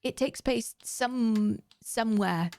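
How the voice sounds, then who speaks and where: Chatty woman streamer, gravelly edge. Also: fairly high pitch, takes it slowly, a little mellow, a little hiss or hum. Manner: chatty, talks straight to viewers. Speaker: live streamer. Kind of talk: casual gaming stream chat.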